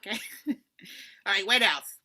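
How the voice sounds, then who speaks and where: Casting: woman as scatterbrained fifty-something neighbor, bright lively high voice, emphatic. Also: slow pace, slightly rough, full character voice. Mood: scheming, flighty. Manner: emphatic, scattered, swoops up in pitch. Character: brash 58-year-old woman neighbor Karen, scheming and flighty. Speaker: improv performer. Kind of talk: improvised comedy scene.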